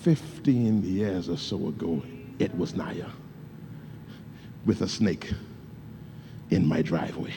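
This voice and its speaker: A man's voice: sits low, slow pace, creaky, pauses often, dark tone. A man preaching with fervor, his grammar loose and casual as he tells a story to the congregation. He calls out to his listeners and slips into speaking in tongues. A faint hum sits behind him. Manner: storytelling with call-outs to the congregation. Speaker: pastor. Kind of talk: sermon.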